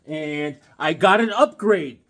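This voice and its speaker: A man's voice: on the high side, takes it slowly, fairly bright tone. A middle-aged man chatting casually to camera about comic books, jokey and wisecracking. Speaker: comic book vlogger. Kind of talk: casual rambling chat to camera.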